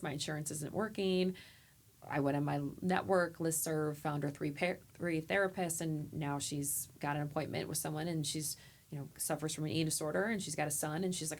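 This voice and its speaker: A woman therapist telling heartfelt stories in a podcast interview, animated and acting out the people she quotes. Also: low voice, gravelly. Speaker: therapist guest. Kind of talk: emotional conversational storytelling.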